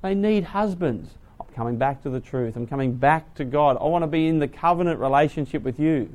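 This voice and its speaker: A man's voice: a little high, fairly quick, a little mellow, highs cut off, close to an everyday voice. A man preaching, voicing a frightened old man who begs to be spared. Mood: pleading. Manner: begging, anxious.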